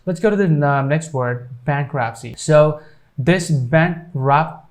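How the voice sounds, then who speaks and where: A man teaching pronunciation, explaining in short halting phrases and repeating each example word several times. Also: on the high side, darkish tone. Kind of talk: pronunciation lesson.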